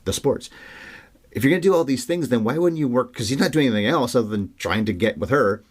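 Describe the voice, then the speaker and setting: A man co-hosting a podcast, chatting casually and with energy about a film. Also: mid-range voice. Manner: chatty, animated, quick. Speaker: podcast co-host. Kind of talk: casual film-review chat.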